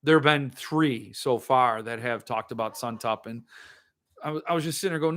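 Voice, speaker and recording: A man hosting a casual monologue, rambling and animated with excitable outbursts. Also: medium pitch, moderate pace. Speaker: host.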